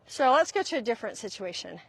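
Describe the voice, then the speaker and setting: A woman's voice: a little high, very animated, quick pace, vocal fry, slightly rough. A middle-aged woman hosting a podcast, talking earnestly and confessionally about her own parenting and repeating key points for emphasis. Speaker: podcast host. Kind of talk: reflective solo talk.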